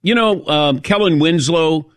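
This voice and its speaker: A man hosting a sports talk show in casual chat, telling a self-mocking story in a lively way and acting out the quotes, into a studio mic. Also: a little high, a little slow, no echo.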